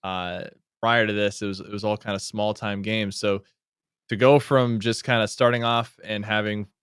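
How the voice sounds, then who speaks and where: Smooth-voiced, chatty content-creator man. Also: lowish voice, steady tone, normal speed, a bit bright, dry recording, studio quality. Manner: chatty, explanatory, repeats words. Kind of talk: casual podcast interview.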